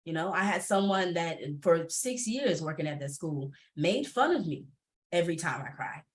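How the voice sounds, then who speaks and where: A woman's voice: on the low side, lively intonation, moderate pace. A woman who coaches entrepreneurs, speaking candidly and emphatically on a panel over a video call, laughing often.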